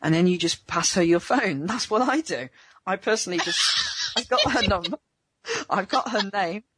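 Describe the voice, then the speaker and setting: A man's voice: high-pitched, animated, moderate pace, very noisy. A man, a dating coach talking in a chatty interview and acting out small scenes in other voices. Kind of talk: remote interview.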